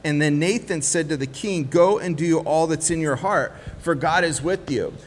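A man preaching a sermon as pastor, lively and conversational, acting out little voices of the people in his story. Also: fairly high pitch, moderate pace. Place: church hall. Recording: long hall reverb, faint background noise.

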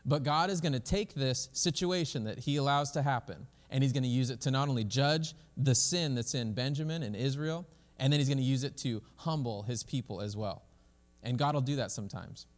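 A male pastor gives a sermon in a relaxed, conversational manner, often stopping and restarting his phrases. His voice sits in a middle register and carries a long reverb from the church sanctuary. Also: medium pitch, a little fast. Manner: casual, conversational preaching with frequent restarts.

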